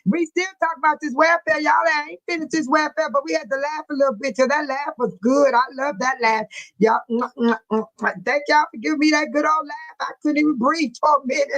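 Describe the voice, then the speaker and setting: A woman's voice: high-pitched, fairly even intonation, a little fast, fairly bright tone, rough recording. A woman hosting a casual livestream, talking straight to her viewers and laughing often. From Texas. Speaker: livestream host.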